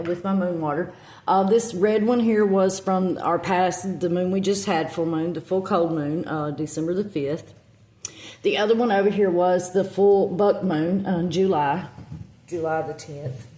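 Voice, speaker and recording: A woman's voice: fairly low pitch, mellow, reverberant. A woman with a Southern accent chatting casually to her phone camera, rambling with lots of ums and self-corrections. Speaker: witch vlogger.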